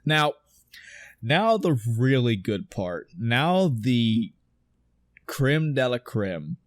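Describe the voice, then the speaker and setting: A man co-hosting a podcast, excitedly retelling a film scene by scene, swearing and acting out the dialogue. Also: medium pitch, extremely slow, no echo, studio quality. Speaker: podcast co-host. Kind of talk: casual film discussion.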